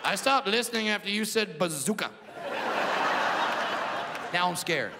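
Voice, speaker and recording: A man in his thirties performing a stand-up comedy set with animated storytelling that swings between loud bursts and quiet asides. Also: sits high, unhurried, creaky, over a noisy crowd. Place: large comedy venue with a live audience. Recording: reverberant hall with audience noise.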